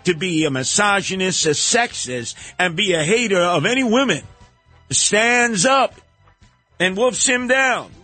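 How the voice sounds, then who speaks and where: A man's voice: high-pitched, bright, forceful tone. A man hosting a radio talk show, delivering an opinionated, sarcastic and combative monologue.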